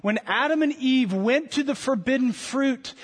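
A man preaching a sermon with passion, firing rhetorical questions and swinging from loud to hushed. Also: extremely high pitch, normal speed. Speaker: pastor. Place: church sanctuary. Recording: long reverb of a large hall.

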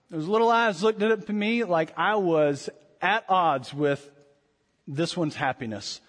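A man with a high voice preaches as pastor in a church sanctuary, speaking a little slowly. Rhetorical questions push at his listeners while he shifts from hushed, intimate moments to forceful declarations, each trailing off into a big hall's long echo.

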